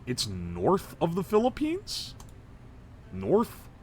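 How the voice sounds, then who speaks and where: A man streaming a game live, reading out ingredient lists and swearing in loud disbelief, then making himself talk calmly. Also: fairly high pitch, slow pace, slight background noise. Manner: excitable and profane, swearing and yelling in disbelief. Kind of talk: live-stream gaming commentary.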